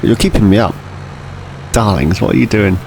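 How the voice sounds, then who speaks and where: A man giving casual, rambling commentary over a farming game, often clearing his throat. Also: fairly low pitch, normal speed, darkish tone, slight background noise. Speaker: gameplay commentator.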